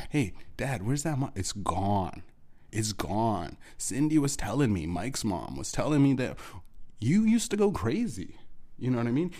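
A man's voice: lowish voice, darkish tone. A Canadian man hosting his own show, delivering a heated, profane rant at his absent father, repeating himself and restarting sentences. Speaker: podcast host. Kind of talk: angry solo rant to an absent parent.

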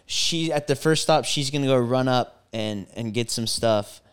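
A man on a casual podcast, an animated storyteller who swears freely and acts out both sides of an argument. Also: medium pitch, moderate pace, smooth. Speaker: podcast co-host. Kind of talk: casual chat.

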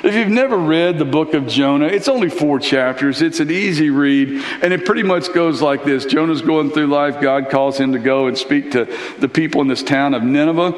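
Animated preacher in echoey hall. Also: male voice, a little high, normal speed, hardly any pauses. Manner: animated storytelling, acting out Bible characters. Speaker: pastor. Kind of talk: sermon. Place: church hall.

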